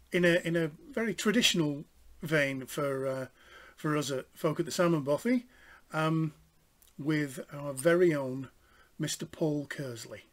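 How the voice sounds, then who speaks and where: A British man hosts an online folk evening from home. His voice sits a touch high and he takes his time. He rambles and pauses often with fillers. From Britain. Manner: rambling, hesitant, many fillers. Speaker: host. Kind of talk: relaxed introduction. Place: home, over a video stream.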